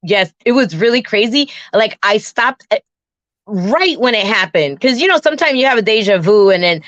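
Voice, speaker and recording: A woman casually telling a personal travel story, animated, often restarting and acting out her own and her friend's words. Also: medium pitch, moderate pace, dry recording. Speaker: guest storyteller. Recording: dull, dry lo-fi sound.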